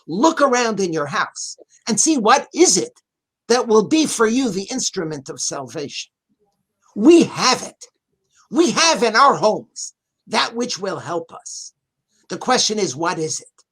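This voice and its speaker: Earnest, emphatic rabbi on a video call. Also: male voice, sits high, sing-song, measured pace, a bit bright, husky. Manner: earnest, emphatic, repeats key phrases, reads Hebrew then translates. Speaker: rabbi, guest teacher. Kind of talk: Torah talk in an online interview.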